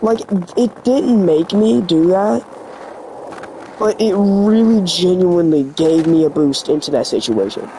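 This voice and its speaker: A man's voice: sits high, unhurried, dark tone, slight background noise, poor audio. A teenage boy vlogging in an earnest, rambling way, full of "like" fillers, his voice slightly sick and cracking. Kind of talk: confessional vlog talk.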